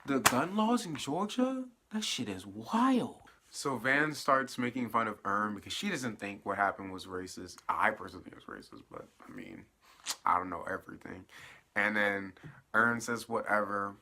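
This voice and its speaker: A young man in his late teens giving a casual, animated, profanity-laced spoiler recap of a TV episode. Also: fairly low pitch, moderate pace. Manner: animated, profane storytelling with fillers. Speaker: TV episode reviewer.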